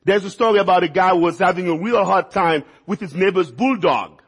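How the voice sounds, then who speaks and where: A man with a high, husky voice preaches a sermon in a folksy storytelling way. He repeats words and phrases for emphasis. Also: fairly quick.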